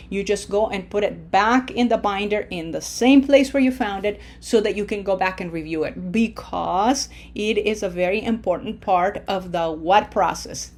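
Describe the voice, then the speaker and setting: Speaking at a medium pitch, a woman leads a recorded Spanish lesson, patiently and encouragingly modeling words slowly so learners can repeat them. She drills with repetition and checks in often with "okay."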